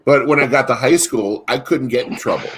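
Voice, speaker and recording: A man's voice: medium pitch, a little fast, husky. A man co-hosting a casual chat, telling stories in a rambling way, with frequent restarts and laughs. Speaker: podcast co-host.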